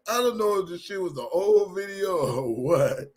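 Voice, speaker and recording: A man hosting a live stream, talking loosely and loudly, laughing hard and mimicking other people. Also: sits high, lively intonation, normal speed, husky. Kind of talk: casual live-stream commentary.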